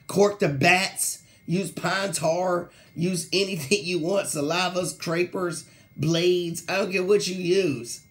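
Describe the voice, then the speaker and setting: Animated, slangy sports talk man. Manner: animated, slangy, laughs mid-sentence, mocks quoted players in lower voice. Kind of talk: casual solo sports rant.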